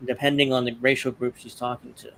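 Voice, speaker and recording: A man's voice: mid-range voice, level tone, fast talker, fairly bright tone, a little hiss or hum. Mocking chatty male commentary host. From Northeastern United States. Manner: mocking, chatty, many restarts. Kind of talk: casual political commentary.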